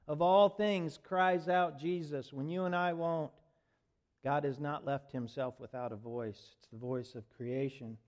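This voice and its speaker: Slow, higher-voiced male preacher. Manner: dramatic swings from loud proclaiming to hushed tenderness. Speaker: pastor. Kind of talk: sermon.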